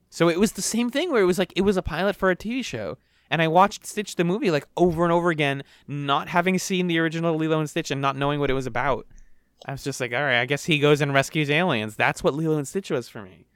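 Young guy on a podcast, smooth clear voice, dry close mic, rambly and animated. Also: mid-range voice, dry recording. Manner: rambling, animated retelling with put-on quotes. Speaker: podcast co-host. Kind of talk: casual chat.

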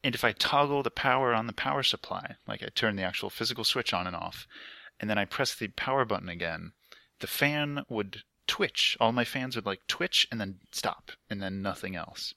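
A man's voice: on the low side, lively intonation, normal speed, gravelly, bright, forceful tone, no echo. A young man on a laptop headset mic, telling a rambling story in casual podcast chat. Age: young adult. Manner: rambling, chatty storytelling with frequent "like" fillers. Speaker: podcast co-host.

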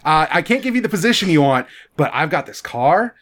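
A man in casual chat, retelling a story with lots of quick impressions of the characters. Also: fairly high pitch. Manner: animated retelling, slips into goofy voices for the figures. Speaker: podcast co-host retelling a historical novel.

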